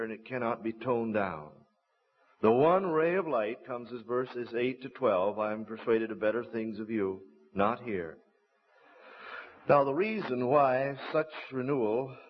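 A man preaching a sermon, telling stories in an earnest, measured and deliberate way. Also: medium pitch, breathy edge. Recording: dull lo-fi recording.

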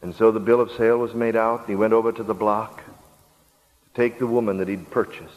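A man preaching a sermon through a story, softly repeating his key phrases for emphasis. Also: on the low side, steady tone, a little fast, big-room sound, muffled recording. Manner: soft, repetitive emphasis.

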